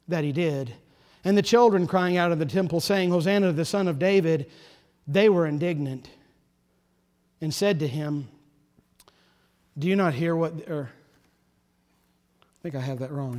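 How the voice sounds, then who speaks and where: A man preaching a sermon as pastor, passionate, his voice swelling loud and then dropping soft. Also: on the high side, normal speed, pauses often. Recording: long hall reverb.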